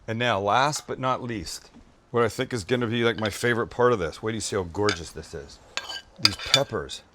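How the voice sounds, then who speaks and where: Against background noise, a man with a voice on the low side talks fairly quickly while hosting a laid-back cooking show. He heaps exclamatory praise on the food and chats with his crew as he puts a dish together.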